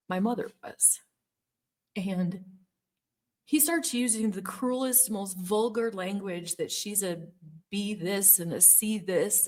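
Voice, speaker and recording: A woman's voice: mid-range voice, darkish tone. A middle-aged woman telling a personal story in an earnest, emphatic way, repeating words for stress. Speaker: former Jehovah's Witness telling her story.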